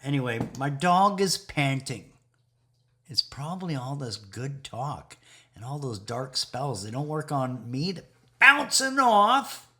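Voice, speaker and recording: A man's voice: mid-range voice, animated, measured pace, a bit bright. A man talking in a rambling spiritual monologue, laughing now and then and sometimes dropping to a whisper. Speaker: video host.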